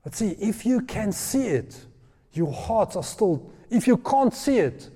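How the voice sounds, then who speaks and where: A man preaching a sermon, retelling a scripture story with lively, acted-out voices. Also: sits high, measured pace, slightly rough. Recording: long hall reverb.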